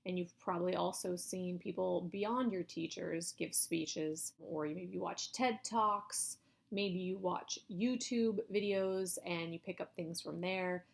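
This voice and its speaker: A woman instructor explaining public speaking delivery in a recorded video lecture, in a steady teaching tone with some hedging. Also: fairly low pitch, slow, creaky. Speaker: college instructor.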